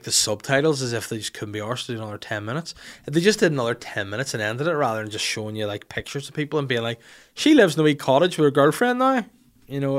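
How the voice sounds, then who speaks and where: A young man hosts a podcast in a loose, rambling way, full of cheeky asides and casual swearing. His voice sits at an ordinary male pitch. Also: a bit bright. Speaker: podcast host. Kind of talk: casual chat.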